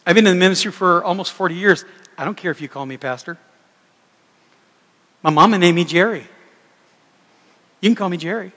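A man's voice: high-pitched, fairly quick, pauses often, bright, forceful tone, in a large hall. A middle-aged man preaching a sermon as pastor, conversational and joking, with rambling restarts.

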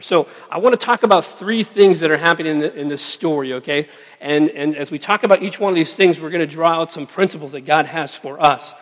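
A man preaching a sermon in a relaxed, conversational way who keeps checking in with his listeners. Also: fairly high pitch, fairly quick, big-room sound. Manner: conversational, checks in with "okay?" and "right?".

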